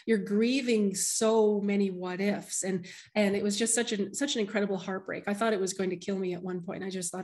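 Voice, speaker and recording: A woman's voice: mid-range voice, fairly even intonation, a little fast, few pauses, a little mellow. A middle-aged woman who works as a medium, telling a heartfelt personal story in an interview, often restarting her sentences.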